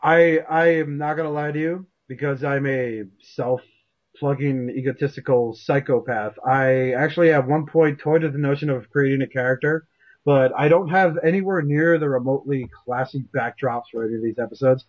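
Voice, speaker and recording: A man hosting a casual interview chat, animated and self-deprecating, swearing freely. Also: medium pitch, normal speed, muffled recording. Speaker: show host.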